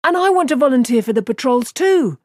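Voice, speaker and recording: A woman's voice: sits high, animated, brisk, no room sound, studio quality, voice pushed up. A woman voicing an earnest, anxious young farm man in an audiobook, speaking in an urgent, insistent way.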